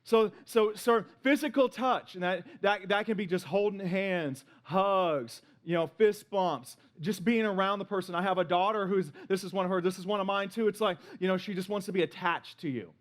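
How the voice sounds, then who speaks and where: High-voiced animated male preacher. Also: normal speed, few pauses. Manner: animated, playful, acts out little voices. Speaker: pastor. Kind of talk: sermon.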